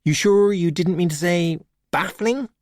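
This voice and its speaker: A man doing a sarcastic young woman, pitched up. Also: a little slow, darkish tone, no room sound. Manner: snappy, sarcastic, raised voice. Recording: dry close audiobook recording.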